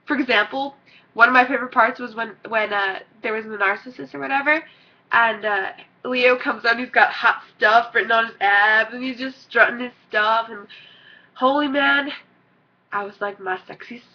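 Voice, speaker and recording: A teenage girl vlogging casually, an excitable, rambling fan who gushes and squeals. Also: a little high, moderate pace. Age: teens. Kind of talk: gushing casual vlog. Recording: dull lo-fi recording.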